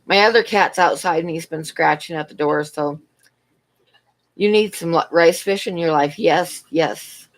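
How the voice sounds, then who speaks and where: A woman's voice: low-pitched, a little slow. A middle-aged woman rambling through a story on her livestream and answering chat in between. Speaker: livestream host.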